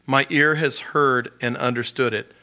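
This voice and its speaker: A man's voice: mid-range voice, fairly even intonation, unhurried, bright, forceful tone. A man preaching a sermon in a conversational way, laughing often and acting out voices. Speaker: pastor. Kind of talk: sermon teaching.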